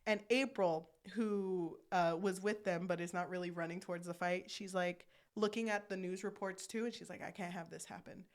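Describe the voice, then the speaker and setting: A woman's voice: fairly low pitch, moderate pace, few pauses. Young woman eagerly retelling a movie. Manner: animated, acts out character lines while recapping. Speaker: podcast co-host. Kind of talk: casual chat retelling a movie plot.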